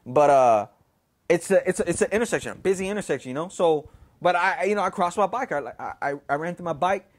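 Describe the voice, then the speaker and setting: A man from Houston, telling a personal story in a casual, profane, rambling way, full of "you know" and "right?". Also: on the high side. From Houston, Texas.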